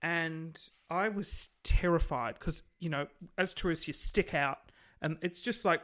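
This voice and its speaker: A woman telling a story in casual podcast chat, animated, acting out the people she quotes. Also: low-pitched, measured pace. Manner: animated, acts out quoted voices.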